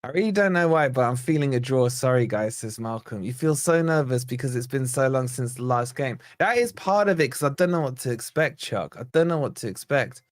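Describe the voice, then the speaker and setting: The English host of a live football fan channel speaks fairly quickly with few pauses in a medium-pitched voice, captured in clean studio sound without echo. He's chatty and excitable during the watch-along, reading viewer comments out loud.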